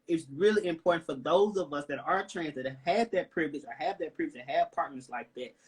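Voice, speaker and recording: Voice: medium pitch, breathy edge. A panelist with a Southern US accent speaks with emphasis in a panel discussion, often asking "right?" and "you know?". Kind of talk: impassioned panel talk.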